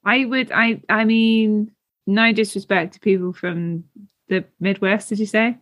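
A woman's voice: medium pitch, fairly even intonation, unhurried, fairly bright tone. A woman from the UK with a British accent, co-hosting a podcast in a chatty, teasing casual conversation. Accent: British English. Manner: chatty, teasing, laughs often, says "like" and "um" a lot. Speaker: podcast co-host. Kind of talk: casual chat.

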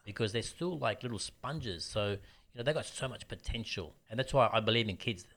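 A man's voice: fairly low pitch, brisk. A man, a martial arts teacher telling stories bluntly in casual interview chat. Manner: animated storyteller, blunt.

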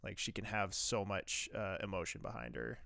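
A man's voice: fairly low pitch, very animated, moderate pace, gravelly, bright, forceful tone, no room sound. A man co-hosting a casual podcast, recapping episodes in a chatty way full of fillers. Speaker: podcast co-host.

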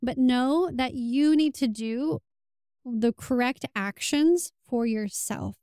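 A woman's voice: on the high side, slow, warm tone, clear, resonant tone, no echo, studio quality. A woman giving earnest relationship advice in a casual monologue, acting out quoted lines as she goes.

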